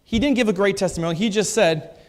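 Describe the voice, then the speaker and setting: This preacher has a high voice and talks fast, hammering home his sermon by repeating its main phrases. He's speaking in a church sanctuary, and the hall's long reverb rings through the recording.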